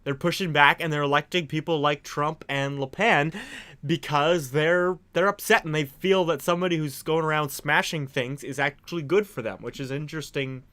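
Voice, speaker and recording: Young guy chatting politics, laughs a lot, kinda high voice, smooth. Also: fairly even intonation, normal speed, pushed and bright. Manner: chatty, hedging, laughs often. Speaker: co-host. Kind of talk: casual political chat.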